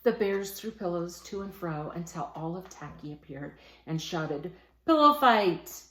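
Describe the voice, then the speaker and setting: A woman teacher reading a children's storybook aloud, giving the characters lively voices. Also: on the low side, moderate pace, reverberant.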